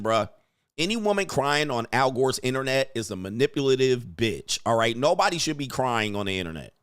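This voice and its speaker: A man in the middle of his range, reacting to clips in a blunt, emphatic and profane way. His delivery is forceful and repetitive. The sound is dry and close, with no room echo. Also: medium pitch. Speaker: commentary host and coach. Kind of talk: reaction commentary.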